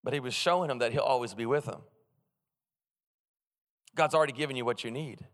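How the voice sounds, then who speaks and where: The preacher has a medium-pitched voice and a brisk delivery, mixing funny personal anecdotes into his sermon with lively calls to his congregation. There's a long hall reverb.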